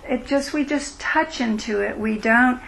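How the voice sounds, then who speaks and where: Meditation teacher, middle-aged woman, soft and unhurried, gravelly edges, slight room hiss. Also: fairly high pitch, low-quality recording. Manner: gentle, unhurried, reflective. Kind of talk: dharma talk with Q&A. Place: retreat meeting room.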